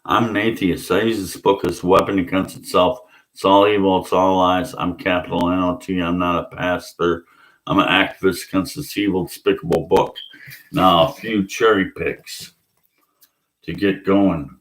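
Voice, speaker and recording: A man's voice: sits low, fairly even intonation, normal speed, a bit bright. A man giving a blunt, profane, rambling vlog rant full of fillers. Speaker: atheist vlogger. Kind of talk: ranting vlog monologue. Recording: echoey room.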